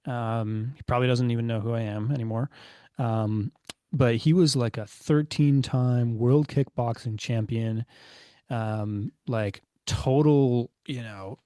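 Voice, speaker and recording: A man's voice: mid-range voice, fairly even intonation, measured pace, warm tone, clear, resonant tone, no room sound. Chatty man in his thirties, dry sound. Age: 30s. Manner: chatty, many fillers, acts out quoted dialogue. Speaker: podcast guest, business owner. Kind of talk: casual storytelling interview.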